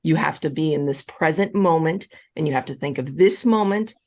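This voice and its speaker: An animated woman coach gives advice in a live Q&A, her pitch leaping up and down as she stresses each point. She is reassuring and insistent, and she circles back to the same comforting phrases. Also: normal speed. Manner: emphatic and reassuring, repeats key phrases; animated, with wide swings in pitch. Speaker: relationship coach answering audience questions. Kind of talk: live online Q&A advice session.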